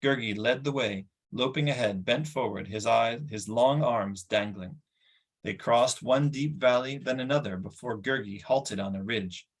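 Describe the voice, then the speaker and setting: Husky-voiced man reading a story. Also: mid-range voice, unhurried. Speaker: audiobook reader. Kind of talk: reading a fantasy novel aloud.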